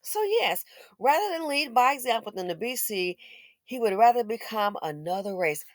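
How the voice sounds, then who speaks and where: A woman's voice: fairly high pitch, big pitch swings, moderate pace, no echo, clean studio sound. A woman giving blunt, sarcastic opinion commentary as a channel host, scolding and mocking as she talks.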